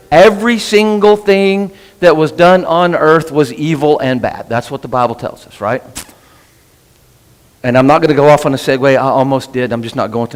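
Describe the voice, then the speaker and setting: Sounding as if he's in a large hall, a man with a slightly high voice teaches a relaxed Bible class in a church meeting room. He chats freely, interrupts his own sentences, and asks "right?" a lot.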